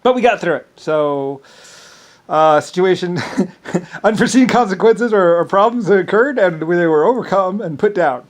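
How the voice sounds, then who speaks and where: A man in a rambling personal monologue who talks haltingly, repeats words, fills pauses and chuckles often. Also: high voice, animated.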